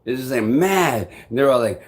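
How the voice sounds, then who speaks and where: A man's voice: medium pitch, animated. A young man talking on a live stream in a loose, rambling way, full of fillers and swearing. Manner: rambling, halting, swears often, many fillers.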